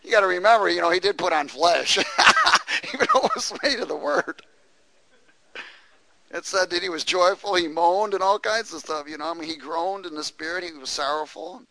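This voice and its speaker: A man preaching a lively sermon, laughing often and tossing questions to the congregation. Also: high voice, normal speed, vocal fry, poor audio.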